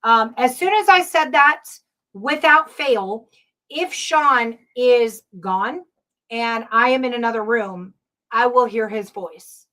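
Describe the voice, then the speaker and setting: Woman, paranormal podcast host, slightly high voice, loose rambling delivery, frequent fillers. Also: slow pace, pushed and bright. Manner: rambling, frequent ums and uhs, reads chat comments aloud. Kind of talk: casual live-show storytelling.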